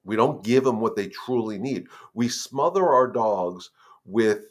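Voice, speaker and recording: A man with a lowish voice and lively intonation, at a measured pace, hosts a casual live dog-training Q&A. He addresses viewers as "guys," repeats words, and turns firm and emphatic over the rules.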